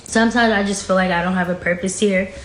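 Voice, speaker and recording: A woman's voice: mid-range voice, steady tone, quick pace, a bit bright, slight background noise. Frank woman telling a hard story. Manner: casual, frank, fills speech with "like". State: emotional, near tears at times. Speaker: guest. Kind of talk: candid personal storytelling. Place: podcast studio. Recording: echoey room with faint music.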